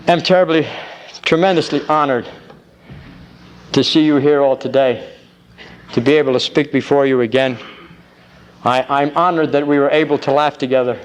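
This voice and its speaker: A man giving a talk at a recovery convention, folksy and grateful, telling stories with jokes, recorded on an old tape in a large hall. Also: mid-range voice. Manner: folksy, grateful, tells jokes with rising excitement. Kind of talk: recovery meeting talk with storytelling. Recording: old tape with faint hiss.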